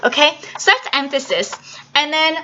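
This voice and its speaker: A woman's voice: high-pitched, expressive, moderate pace, sharp tone, a little hiss or hum. A woman teaching an elementary art lesson in a chatty way, often checking in with "right?" and "okay?". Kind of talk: classroom video lesson for children. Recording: slightly dull lo-fi recording.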